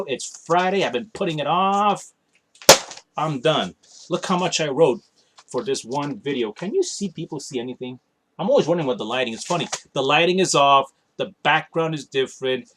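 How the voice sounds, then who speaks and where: A man's voice: mid-range voice, a bit bright, slight background noise. Tired, chatty man vlogging at home. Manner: chatty, blunt, offhand and complaining. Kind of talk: casual rambling monologue. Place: small room at home.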